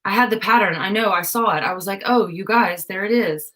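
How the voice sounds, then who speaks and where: A woman's voice: medium pitch, a little fast, fairly bright tone, slight background noise. A young woman chatting casually through a live craft stream, scatterbrained and self-deprecating, laughing often at herself. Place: home craft room.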